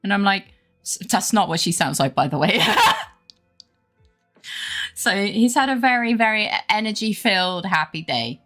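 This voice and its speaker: A woman's voice: mid-range voice, expressive, moderate pace, pauses often, fairly bright tone. A young woman streaming, chatting casually and rambling fondly about her dog while greeting her chat. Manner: baby-talk voice toward her dog. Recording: faint background music.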